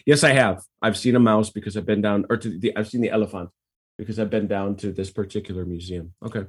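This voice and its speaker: A man's voice: on the low side, steady tone, quick pace, breathy edge. A man co-hosting a casual podcast, reading history facts aloud and breaking off into asides. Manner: reads facts aloud, then riffs with asides. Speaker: podcast co-host.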